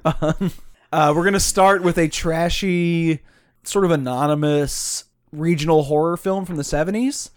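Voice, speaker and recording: A man's voice: a little high, steady tone, unhurried, smooth. A man co-hosting a podcast in casual chat, talking loosely with lots of fillers and frequent laughs. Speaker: podcast co-host.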